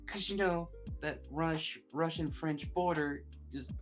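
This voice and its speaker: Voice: medium pitch, slow, soft background music. Giggly, rambling podcast co-host. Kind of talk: casual chat.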